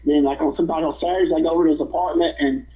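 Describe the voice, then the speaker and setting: A man's voice: on the high side, fairly even intonation, racing. A man, a former wrestler and guest, telling rambling stories and laughing often, over a phone line. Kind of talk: casual storytelling.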